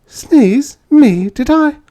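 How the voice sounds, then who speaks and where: A man reading an audiobook, voicing a nervous, pushy woman in a bar by raising his voice high. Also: very slow, exaggerated voice. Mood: startled. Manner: pitched up high, excitable.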